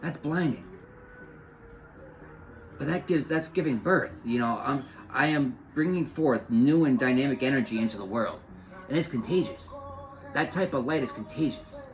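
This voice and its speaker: A man's voice: medium pitch, moderate pace, a little hiss or hum, rough recording. A man giving an off-the-cuff spiritual talk, rambling and repeating phrases with lots of fillers. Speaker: spiritual host.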